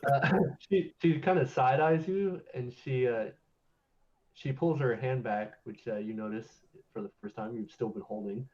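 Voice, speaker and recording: A man's voice: mid-range voice, moderate pace. Laid-back male game master. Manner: casual, laughing, self-correcting. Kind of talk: narrating a tabletop game. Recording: dull lo-fi stream audio with faint music.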